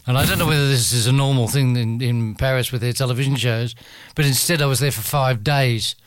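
A man spins a loose, meandering anecdote, stumbling over restarts and breaking into laughter often. His voice sits at an ordinary middle pitch and comes across close and dry, with no room sound around it. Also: steady tone, fairly quick, no room sound. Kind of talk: anecdotal storytelling.

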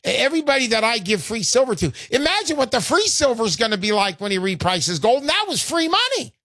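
A man's voice: high voice, expressive, fast, bright, forceful tone, no echo. A man hosting a call-in radio show, talking in a brash, salesy, joking way.

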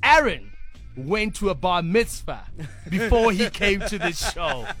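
A young man hosting a radio show, playful and teasing, loud and excitable. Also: sits high, a little slow, faint music behind. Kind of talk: energetic radio banter.

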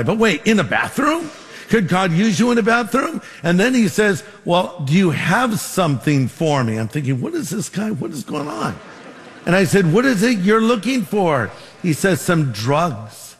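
A man's voice: high voice, in a large hall. A man preaching a sermon as pastor, making numbered points and telling stories with quoted dialogue.

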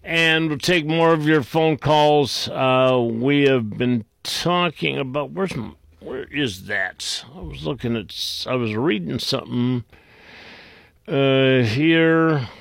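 A man hosting a call-in radio talk show, reading items aloud and mocking them in a blunt, gruff, rambling way. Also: medium pitch, slow, no echo.

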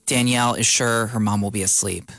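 A man narrating a documentary story in a calm, scripted way. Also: lowish voice, fairly quick, gravelly, no echo. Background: music.

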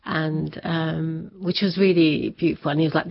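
A woman's voice: low voice, steady tone, normal speed, vocal fry, dry recording. Chatty woman telling a family story. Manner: chatty, laughs often, quotes family members. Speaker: interview guest. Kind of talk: personal storytelling in an interview. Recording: slightly dull lo-fi sound.

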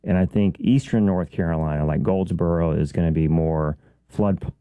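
A man, a guest reporter on a radio show, talking in a brisk, friendly way. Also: low-pitched, fairly even intonation, smooth, no echo, narrow, tinny audio.

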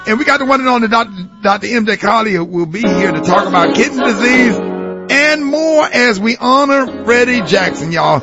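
Man, morning radio host, teasing, high voice, muffled sound, loud music bed. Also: animated, moderate pace, gravelly. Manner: teasing, laughs often, joking. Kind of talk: casual banter and show hosting.

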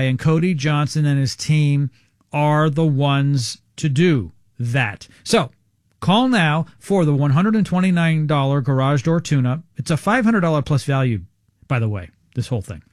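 A man hosting a radio talk show, pitching an offer with salesy urgency and slowing down to repeat the important numbers. His voice sits a little high, and the studio sound is dry and close. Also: dry recording.

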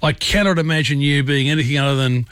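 A man's voice: on the high side, fast, a bit bright, smooth, no echo. Aussie radio host guy chatting w callers, friendly, dry studio mic. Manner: chatty, encouraging. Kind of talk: talkback radio chat.

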